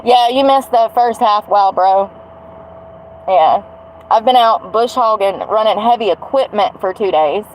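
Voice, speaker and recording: A woman's voice: medium pitch, unhurried, a little hiss or hum, low-quality recording. A woman venting bluntly on a livestream, swearing as she rants. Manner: angry, blunt, swearing rant. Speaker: vlogger.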